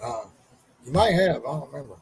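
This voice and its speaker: A man with a gravelly, husky voice, telling a story in laid-back casual chat. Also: mid-range voice, lively intonation, fairly quick, crowd noise, rough recording.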